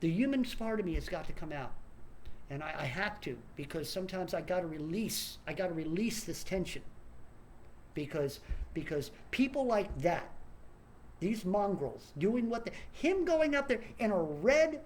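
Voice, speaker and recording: A man's voice: sits high, expressive, normal speed, darkish tone, a little hiss or hum. A man in an angry, swearing political rant who keeps stumbling over and repeating words. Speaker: online commentator.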